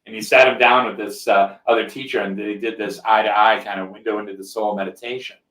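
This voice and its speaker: A man's voice: fairly low pitch, steady tone, a little fast, a bit bright, far from the mic. A male podcast host telling a personal story in casual conversation, rambling a bit and often checking in with "right?". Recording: roomy echo.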